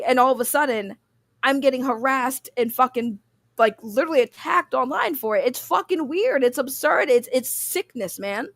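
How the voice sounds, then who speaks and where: Female stream host, emotional and profane, slightly high voice, dry close-miked sound. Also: fairly quick, fairly bright tone, dry recording. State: emotional, near tears. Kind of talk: livestream rant reading chat.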